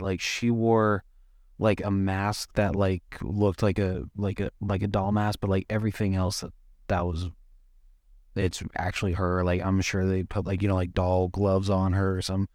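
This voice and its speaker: A man co-hosting a casual movie review podcast, relaxed and rambling with mild swearing. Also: deep voice, normal speed, no echo, clean studio sound. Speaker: podcast co-host.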